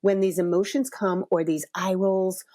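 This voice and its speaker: Chatty middle-aged woman podcast host. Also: normal speed. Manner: chatty, laughs often, quotes people with lively jumps in pitch. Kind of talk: casual storytelling.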